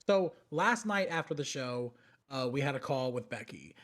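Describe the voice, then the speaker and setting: A man's voice: mid-range voice, animated, moderate pace, a bit bright. A man hosting a live stream, casually recounting events to his co-hosts and viewers. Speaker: show host.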